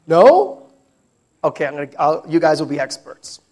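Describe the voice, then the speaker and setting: Male American speaker with a high voice, chatty and jokey on stage at a tech conference. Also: big pitch swings, normal speed, a little mellow. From New York, United States. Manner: chatty, joking with the audience. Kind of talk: technical conference talk. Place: large conference hall.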